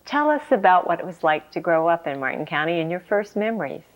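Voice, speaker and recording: A woman interviewer gently prompting her guest with questions for an oral history. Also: fairly low pitch, sing-song, fast talker, dull audio.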